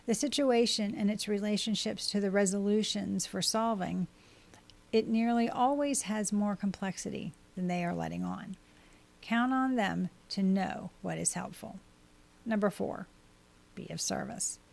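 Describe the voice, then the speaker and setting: A woman hosting a podcast, reading scripted advice in a steady, measured way as she works through a list of tips. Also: medium pitch, gravelly. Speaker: podcast host and life coach.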